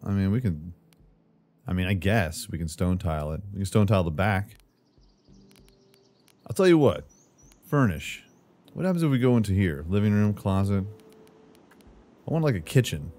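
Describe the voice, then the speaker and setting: A man's voice: low voice, lively intonation, moderate pace, long pauses, mellow. A man casually commentating while he plays a house-building game, joking with himself and calling out what he builds. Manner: playful, talks to himself, jokey asides like "brother". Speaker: gaming channel host. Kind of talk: casual let's-play commentary.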